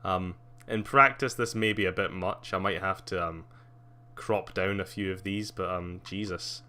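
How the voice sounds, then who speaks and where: A man's voice: sits low, fairly even intonation, normal speed, sharp tone. A young man streaming live, rambling casually with lots of fillers and frequent laughs.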